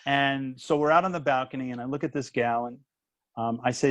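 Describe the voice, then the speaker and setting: This dry recording captures a man in his fifties, once a comedian and now a minister, spinning a story in relaxed conversation. He speaks at a medium pitch, restarting quickly and acting out the dialogue.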